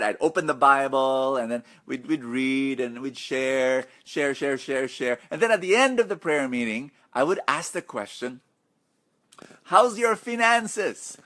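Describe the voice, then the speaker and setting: A middle-aged man, a preacher hosting a live financial webinar, excitable and chatty, greeting viewers by name between points. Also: mid-range voice. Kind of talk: live-streamed webinar talk.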